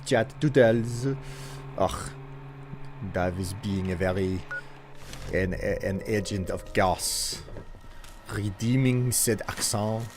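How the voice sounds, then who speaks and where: A man's voice: lowish voice, background noise. A man streaming a video game and commenting on it in a put-on French-German accent, speaking in a stiff, formal, playful way. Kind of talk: casual gameplay commentary.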